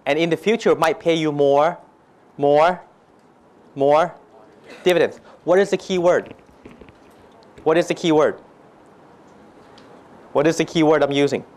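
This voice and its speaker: A man with a fairly high, somewhat mellow voice lectures a finance class at a slightly slow pace, pausing often. He constantly questions his students, mixes in Thai, and keeps a jokey tone between points.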